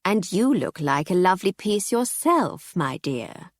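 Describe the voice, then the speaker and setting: Leering, nasal dealer, played by a woman reader, slow and low. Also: big pitch swings, no room sound, clean studio sound. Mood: oily. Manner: oily, unpleasant. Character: oily, leering male antiques dealer.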